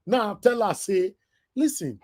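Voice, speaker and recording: A man from the UK with a Nigerian Pidgin accent, giving an animated, emotional commentary rant. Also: high-pitched, a little slow. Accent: Nigerian Pidgin English. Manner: animated, emotional, switching from loud to soft. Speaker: vlogger.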